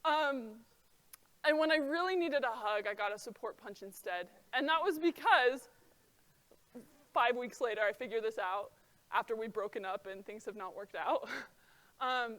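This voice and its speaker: A young woman with a slightly high voice gives an earnest talk to young listeners. She speaks chattily, with plenty of "like" fillers, and she brings energy to her stories. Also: moderate pace. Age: young adult. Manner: earnest, chatty, many "like" fillers, lively storytelling. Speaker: presenter. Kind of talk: motivational talk to a young audience.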